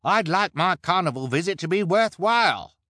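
A man's voice: animated, moderate pace, bright, forceful tone, dry recording, studio quality. A man voicing an eager, bloodthirsty carnival spectator who cries out shrilly in an audiobook. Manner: shrill, crying out.

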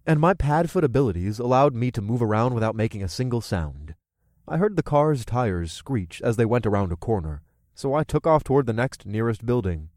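A man reading a first-person action audiobook, his pitch rising and falling with animated expression. The voice sits at a middle pitch, and the recording is dry and close with no room sound. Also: no echo. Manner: lively, expressive storytelling. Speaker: audiobook narrator.

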